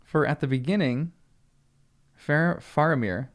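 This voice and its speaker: Unhurried and on the high side, an American man's voice carries a read-along of a fantasy novel for his channel. He stops regularly to muse out loud and laugh, offering casual, chatty commentary between passages.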